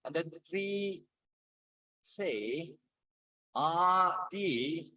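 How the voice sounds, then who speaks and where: Middle-aged guy teaching an engineering class, kinda high bright voice, jokey and chatty. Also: lively intonation, very slow, muffled recording. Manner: chatty, joking asides between explanations. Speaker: university engineering lecturer. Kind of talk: live class lecture.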